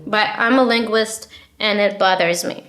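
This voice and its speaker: A woman in casual chat as a guest author, blunt and profane, full of fillers and quick restarts. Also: mid-range voice, steady tone, fairly bright tone. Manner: talks fast with many fillers and restarts.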